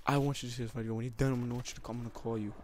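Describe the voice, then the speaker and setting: A man's voice: mid-range voice, level tone, rapid-fire, a little hiss or hum. A young man making an emotional, teary proposal over a gaming commentary, rambling and repeating himself. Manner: rambling and repetitive, often saying basically. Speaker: YouTuber.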